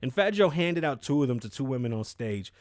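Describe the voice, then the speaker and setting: Animated, cussing male podcast host. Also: medium pitch, brisk, no echo, studio quality. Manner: animated, profane, emphatic. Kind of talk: casual news commentary.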